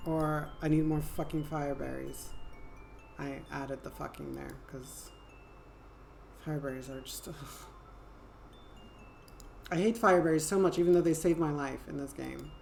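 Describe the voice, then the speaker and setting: Woman streamer, French accent, lowish voice, casual playful chatter. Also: fairly even intonation, slow pace, creaky, long pauses, darkish tone, slight background noise. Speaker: game streamer. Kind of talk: casual gameplay chat.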